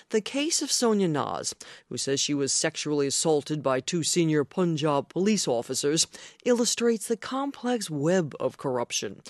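A woman reporter narrating a radio news story in a measured voice. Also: lowish voice, darkish tone, dry recording, clean studio sound.

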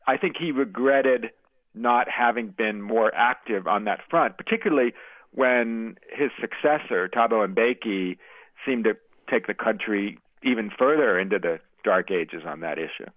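A man's voice: lowish voice, normal speed, no echo. American guy, author, thoughtful anecdotes, dry close sound, kinda phone-like. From United States. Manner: reflective, storytelling, with small laughs and restarts. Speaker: interview guest, author and former magazine editor. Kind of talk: radio interview answers. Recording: tinny phone-line sound.

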